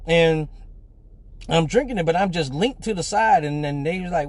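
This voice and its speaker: A man's voice: a little high, animated, fairly quick. A man from Michigan hosting a live stream, telling a story casually with lots of profanity and slang. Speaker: live show host.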